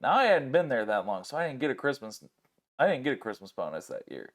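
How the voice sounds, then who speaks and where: In a quick, medium-pitched voice, a male podcast host spins casual stories, cursing liberally and animatedly imitating anyone he quotes.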